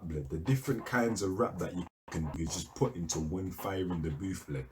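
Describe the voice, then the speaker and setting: Deep-voiced excited reactor. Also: male voice, moderate pace, hardly any pauses, slight background noise. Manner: excited and emphatic, heavy slang. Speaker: reaction video host. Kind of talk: casual reaction commentary.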